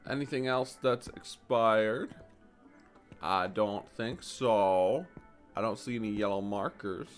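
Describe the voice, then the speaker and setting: A man giving casual, animated commentary while playing a store game, jumping to high excited exclamations and mock-polite shopkeeper lines. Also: slow pace, faint music behind. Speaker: gaming YouTuber.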